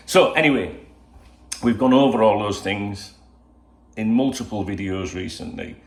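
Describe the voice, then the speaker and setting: A man's voice: fairly low pitch, creaky. An older man from England talking casually to camera at home as a football channel host, rambling with lots of "you know" asides. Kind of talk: casual solo video chat. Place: at home indoors. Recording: roomy home echo.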